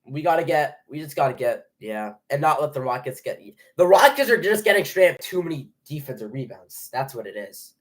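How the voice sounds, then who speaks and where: A young man giving a live play-by-play reaction as a fan, nervous and excitable, often stumbling and restarting his sentences. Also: fairly high pitch, fairly quick, hardly any pauses.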